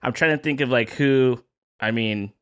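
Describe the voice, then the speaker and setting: A man's voice: mid-range voice, normal speed, fairly bright tone, clean tone, dry recording, clean studio sound. A man guest on a podcast, talking casually in a rambling, self-deprecating way with many fillers. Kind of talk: casual chat.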